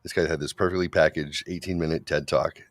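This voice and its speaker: A man's voice: very deep voice, fairly even intonation, fast, no echo. A man from Wyoming, a guest on a talk show, speaking bluntly and swearing freely. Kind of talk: casual chat.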